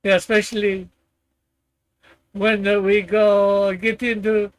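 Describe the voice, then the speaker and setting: A man hosting a casual live stream, rambling in a relaxed way and laughing often while he talks. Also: high-pitched, extremely slow, pauses often.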